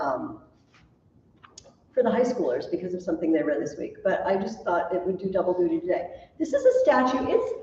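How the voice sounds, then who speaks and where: A woman teacher giving a classroom lecture, telling stories with lively animation and laughing at her own tales. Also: medium pitch, highs cut off, a little hiss or hum. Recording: echoey classroom from a distant mic.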